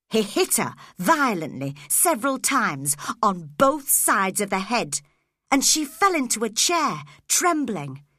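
Slow, bright-voiced woman narrator. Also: medium pitch, no echo, clean studio sound. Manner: clear, measured and expressive. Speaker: audiobook narrator. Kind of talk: scripted storybook narration.

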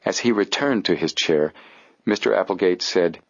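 A man reading an audiobook in steady, even scripted narration. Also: sits low, normal speed, slightly rough, dry recording. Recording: dull dry studio audio.

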